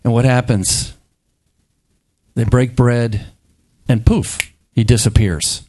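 A middle-aged man delivers a sermon with playful energy. His voice sits at a middle pitch, and he slips into quick character voices to act out the scenes he is retelling. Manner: animated, acts out biblical dialogue in playful voices. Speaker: preacher.

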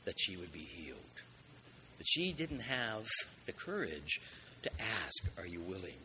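A man's voice: fairly low pitch, very animated, slow pace, bright, forceful tone, slight background noise. A man preaching a sermon, asking rhetorical questions and building up with emphatic swells in volume.

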